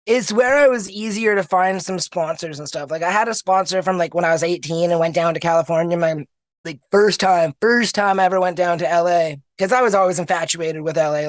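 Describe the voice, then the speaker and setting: High-voiced Canadian man telling stories. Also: no room sound. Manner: animated, laughs often, restarts mid-sentence. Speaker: podcast guest. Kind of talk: casual storytelling.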